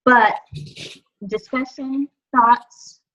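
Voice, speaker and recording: A woman with a high, fairly bright voice speaks very slowly and in a steady tone while leading her team on a video call. Chatty and encouraging, she uses many fillers, and her computer mic gives the audio a dull, lo-fi quality.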